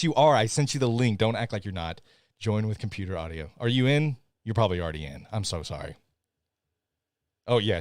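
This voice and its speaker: In a clean, dry studio recording, a fairly low-pitched man with a Southern accent runs a live podcast stream. He's chatty and apologetic as he deals with tech, laughing frequently.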